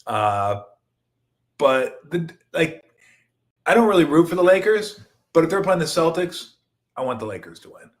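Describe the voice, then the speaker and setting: A middle-aged man from Southern California hosting a casual sports talk show, rambling and joking, with sudden loud outbursts and mumbled asides. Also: on the high side, sing-song, moderate pace, pauses often.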